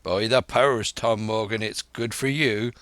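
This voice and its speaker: A man voicing a wily, blustering one-legged old pirate cook in a slow audiobook reading. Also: lowish voice, fairly even intonation, a bit bright, dry recording. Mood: bullying. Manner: bluff, blustering, sly sea talk.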